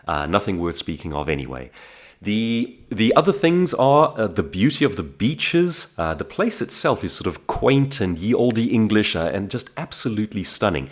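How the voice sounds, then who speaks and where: South african guy vlogging, lowish voice, pitch jumping all over as he tells stories. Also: normal speed. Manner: animated storytelling with frequent restarts. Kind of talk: casual monologue to camera.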